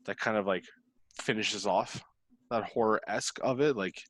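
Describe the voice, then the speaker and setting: Casual book club member, man, lower voice, rambling, dry close sound. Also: normal speed, fairly bright tone, dry recording. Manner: rambling, many fillers. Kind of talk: casual chat.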